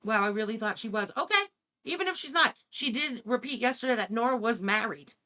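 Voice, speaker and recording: Sharp-toned and expressive, her fairly high voice moves at a brisk pace. She's a commentary host reacting to content with incredulous sarcasm and no hesitation about cursing.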